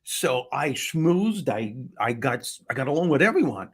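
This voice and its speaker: A man, a former comedian turned motivational speaker, telling a story in a conversation with lively restarts and self-corrections. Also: medium pitch, normal speed, slightly rough.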